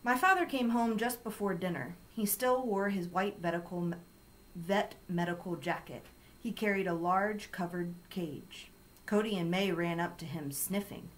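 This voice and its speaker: A woman reading a children's chapter book aloud in calm, steady storytelling. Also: lowish voice, unhurried, low-quality recording. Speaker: story reader.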